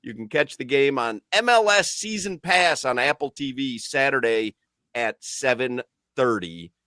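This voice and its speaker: A man's voice: mid-range voice, expressive, measured pace, bright, forceful tone, no echo, clean studio sound. A man hosting a sports talk radio show, bantering jokily and slipping into mock British phrases. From United States.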